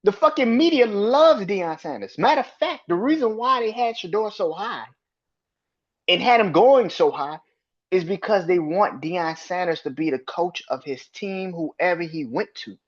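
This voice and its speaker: A high-voiced man, animated and at a moderate pace, hosts a solo sports podcast where he rants with heated profanity. He's emphatic and argues back at critics he imagines. The audio sounds dull.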